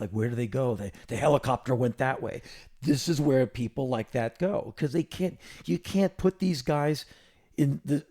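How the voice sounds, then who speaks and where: A man in his fifties with a gravelly, creaky voice tells a story to his co-host in an animated podcast chat. He restarts his sentences and peppers them with fillers, and his pitch sits in an ordinary middle range. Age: 50s.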